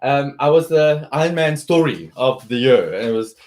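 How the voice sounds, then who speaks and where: A man's voice: medium pitch, lively intonation, moderate pace, darkish tone, slight background noise. Man, interview guest, earnest storytelling, restarts sentences. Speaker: guest, athlete and speaker.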